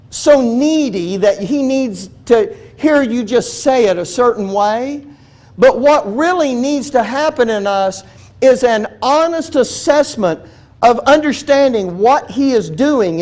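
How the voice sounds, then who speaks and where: A man teaching a Bible study in a relaxed, conversational way, telling humorous stories, restarting his sentences and putting questions to his listeners. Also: very high-pitched. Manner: chatty, restarts sentences, asks the audience questions; humorous storytelling.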